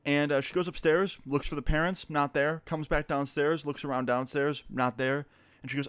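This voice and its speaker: A man's voice: a little high, little pitch movement, moderate pace, fairly bright tone, clean tone, no room sound. A young man telling a personal story in a casual, rambling way, with swearing and fillers. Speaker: vlogger.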